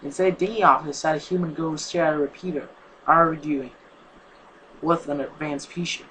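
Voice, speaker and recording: A reader reading a fan story aloud in a halting way, stumbling over words. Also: mid-range voice, steady tone, a bit bright, poor audio.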